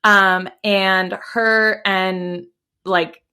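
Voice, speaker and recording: A woman's voice: medium pitch, fairly even intonation, drawn-out words, sharp tone, smooth. A woman co-hosting a podcast, chatting casually about a film and quoting characters. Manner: chatty, swears, plays out characters' lines. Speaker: podcast co-host. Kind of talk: casual chat recapping a film.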